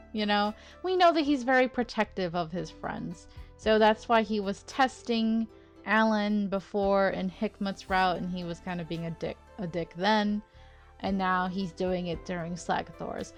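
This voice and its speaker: A young woman chats through a story game in a casual, exasperated way, laughing at the characters. Her pitch sits mid-range, and soft game music plays faintly behind her. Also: unhurried. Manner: chatty, exasperated, laughs often. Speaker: let's play host.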